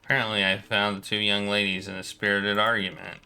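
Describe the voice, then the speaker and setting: A man's voice: on the low side, flat delivery, sharp tone, faint music behind. A man streaming a game, casually reading its story text aloud with occasional stumbles. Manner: quick, casual narration with stumbles.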